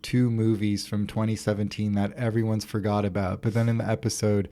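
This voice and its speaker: A man's voice: lowish voice, flat delivery, fairly quick, dark tone. A man co-hosting a casual podcast chat, with dry remarks and eager recommendations. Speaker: podcast co-host.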